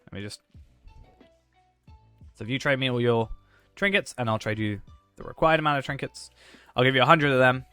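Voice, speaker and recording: A man's voice: mid-range voice, animated, brisk, pauses often, pushed and bright, clean tone, dry recording. A man, streaming a game and chatting casually with viewers while he plays, cracking jokes. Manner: joking, chatty, talks to chat while playing. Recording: faint background music.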